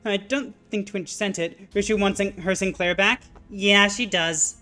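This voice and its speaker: Streamer, bright voice, reads game text aloud with loose, chuckling side comments. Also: mid-range voice, steady tone, measured pace, few pauses, soft background music. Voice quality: casual, chuckles at own jokes.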